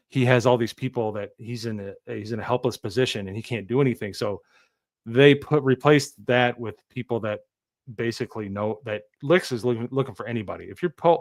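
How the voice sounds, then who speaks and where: A man's voice: mid-range voice, brisk, dry recording, clean studio sound. A man co-hosting a casual live movie review, giving his opinions in a rambling way, with many fillers and restarts.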